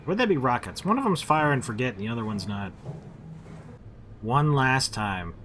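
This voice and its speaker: A man's voice: medium pitch, very animated, moderate pace, fairly bright tone. A man giving jokey, rambling commentary while playing a video game. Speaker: gaming host. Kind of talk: casual let's-play commentary. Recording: game noise behind his mic.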